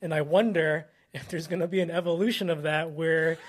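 Guy on a podcast panel, a bit high-pitched, thinking out loud, kinda unsure. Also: fairly even intonation, fairly quick. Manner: musing, tentative. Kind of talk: casual panel chat.

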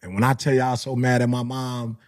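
A middle-aged man, a motivational speaker who tells stories in slangy talk and acts out other people's voices. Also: fast talker. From Detroit area. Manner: animated, slangy, acts out voices with big pitch jumps. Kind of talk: storytelling talk.

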